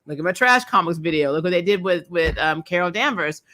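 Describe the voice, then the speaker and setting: A woman with a bright, sharp-edged voice hosts a relaxed online chat. She talks in a chatty, expressive way, moving quickly from one thought to the next. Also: on the low side. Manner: chatty, expressive, laughs often. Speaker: podcast host. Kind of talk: casual live-stream chat.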